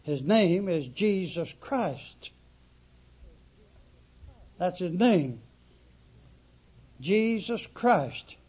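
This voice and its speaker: Man, preacher, sermon, emphatic, dull lo-fi recording, high-pitched. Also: expressive, a little mellow, breathy edge. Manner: emphatic, slow, dramatic repetition.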